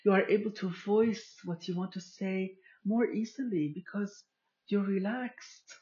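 Slow, deliberate woman musing aloud. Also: mid-range voice, warm tone, highs cut off. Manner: slow and deliberate, explaining with pauses. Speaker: podcast host. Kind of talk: reflective solo monologue.

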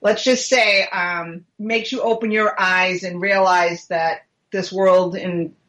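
A woman's voice: on the low side, steady tone, takes it slowly, fairly bright tone. A middle-aged woman, co-hosting a casual podcast and telling stories with easy laughs. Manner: chatty storyteller, laughs easily. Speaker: co-host. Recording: roomy echoey room.

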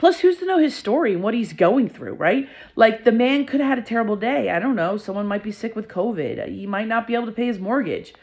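A woman's voice: fairly high pitch, expressive, a little fast, few pauses, darkish tone. A young adult woman hosting her own podcast, telling a personal story in a candid, emphatic way and repeating words for effect. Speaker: podcast host.

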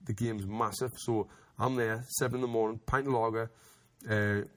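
A man's voice: fairly low pitch, fairly even intonation, normal speed, a bit bright. Man, casual raconteur, rambling with restarts. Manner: rambling, frequent restarts, laughs while telling. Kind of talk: casual storytelling.

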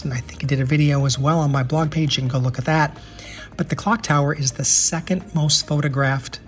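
Chatty American man with faint music. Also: mid-range voice. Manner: chatty, enthusiastic, repeats words while thinking. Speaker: podcast host. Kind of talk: casual travel podcast monologue.

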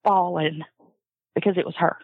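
A woman telling a personal family story in a casual, animated way, often laughing and acting out what others said. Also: fairly low pitch, moderate pace, husky, no echo. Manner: animated, laughs often, acts out quoted voices. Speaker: guest telling her adoption story. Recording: dull lo-fi dry recording.

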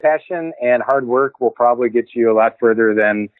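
A man's voice: mid-range voice, normal speed, no room sound. Car builder guy on the line, tinny phone sound, super dry, lots of "you know". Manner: casual, fills with "you know", restarts. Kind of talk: interview answers.

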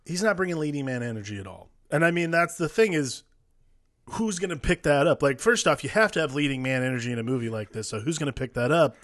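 Male podcast co-host, expressive lively pitch, joking casual movie talk. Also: fast talker. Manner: lively, joking, plays along with bits. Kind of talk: casual movie-review chat.

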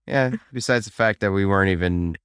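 Podcast co-host: a man with a lowish voice, easygoing, dry sound. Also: brisk, fairly bright tone, clean tone, no echo. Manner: laid-back, laughs along, brief replies. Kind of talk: casual chat about a film.

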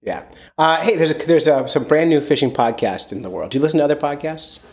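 A man's voice: on the high side, quick pace, darkish tone. A man hosting a casual podcast, rambling and upbeat with lots of fillers. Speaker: podcast host.

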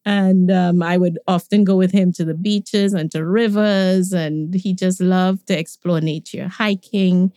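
Low, mellow-voiced woman telling family stories. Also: fairly even intonation, unhurried, few pauses, no room sound, studio quality. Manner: warm reminiscing, laughs often. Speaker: podcast guest. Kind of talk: conversational storytelling.

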